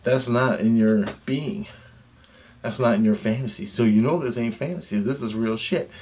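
A man's voice: mid-range voice, normal speed. A man leading a guided meditation who talks in a profane, insistent way and keeps asking "okay?". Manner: grows louder and more animated as he goes. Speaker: meditation teacher.

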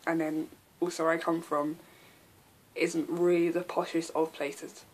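A woman in her early twenties with an English accent talks casually to camera. Her voice sits a little low, and she fills her sentences with ums and little giggles. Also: little pitch movement, unhurried. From England. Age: 20s. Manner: chatty, giggly, lots of ums. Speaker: vlogger.

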